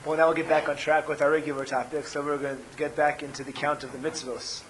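A man with a scratchy, hoarse voice giving a religious class, explaining step by step with frequent ums and restarts. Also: a little high, level tone, fast. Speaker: Torah teacher.

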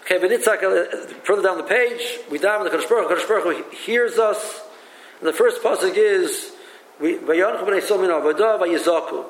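High-voiced rabbi teaching in an echoey room. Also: male voice. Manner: halting and repetitive, thinks aloud. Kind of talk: teaching a religious text, with stories. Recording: echoey room with faint ambience.

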